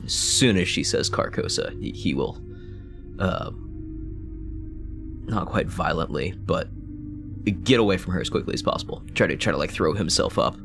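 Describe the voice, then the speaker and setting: A man with a very deep voice plays a tabletop horror game, talking in a halting way with lots of fillers. Music plays clearly behind him. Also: expressive. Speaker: player. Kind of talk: tabletop role-play.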